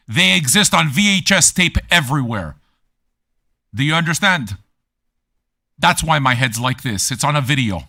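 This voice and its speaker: A man's voice: fairly high pitch, lively intonation, normal speed, pushed and bright. Crude, mocking man ranting at chat. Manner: mocking, combative and crude, with laughing jabs. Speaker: DJ and livestream host. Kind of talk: profane rant at chat viewers.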